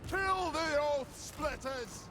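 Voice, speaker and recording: A man voicing gruff male dwarf soldiers who bark short battle cries, as video game unit voice lines. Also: extremely high pitch, slow pace. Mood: shouting commands. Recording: loud battle noise behind.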